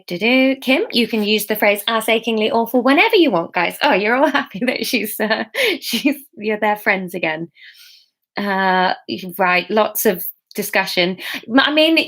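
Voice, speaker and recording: A woman's voice: mid-range voice, a bit bright. A woman author reading her own novel live, with chatty, giggly, self-mocking asides to her viewers.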